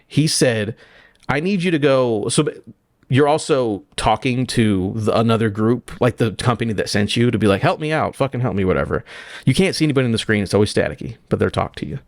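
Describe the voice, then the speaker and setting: A man co-hosting a casual gaming podcast, telling stories in an excited, profane way and acting out what characters say. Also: lowish voice, fast, no room sound, studio quality. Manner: excited, profane storytelling with acted-out quotes. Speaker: podcast co-host.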